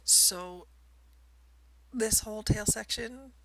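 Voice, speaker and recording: Chatty woman with a gravelly edge. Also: mid-range voice, takes it slowly, no room sound, rough recording. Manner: chatty, self-deprecating, drifts into soft near-whispers. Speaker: cross stitch vlogger. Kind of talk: casual show-and-tell narration.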